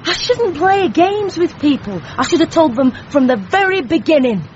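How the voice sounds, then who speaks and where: A woman's voice: high-pitched, very animated, moderate pace, a little hiss or hum. A woman playing a sulky, self-pitying young woman who is secretly a vampire, on a dull lo-fi recording. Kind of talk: radio comedy acting.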